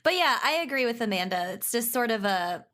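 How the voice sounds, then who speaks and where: A woman's voice: on the high side, lively intonation, a little fast, a bit bright. A woman from Minnesota with a Minnesotan accent, a podcast guest chatting in a laughing, easygoing way. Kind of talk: casual chat.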